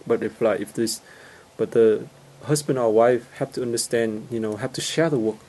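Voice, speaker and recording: A man gives an informal teaching talk at a mid pitch. His English halts and restarts, padded with fillers, and he warms up and turns lively when acting out everyday scenes. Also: rough recording. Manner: halting non-native English, many fillers and restarts; gets animated and laughs when acting out scenes.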